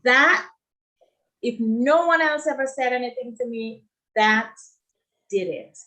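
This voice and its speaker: A middle-aged woman, a nurse telling her story as an interview guest in a heartfelt, animated way. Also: fairly high pitch, takes it slowly, pauses often, rough recording. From Jamaica. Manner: heartfelt, animated when quoting others.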